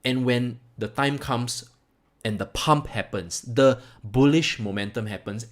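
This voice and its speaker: A man hosting his own channel, speaking straight to his viewers in an impassioned rant, repeating himself for emphasis and swinging between calm and agitated. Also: medium pitch, a little slow. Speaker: crypto channel host.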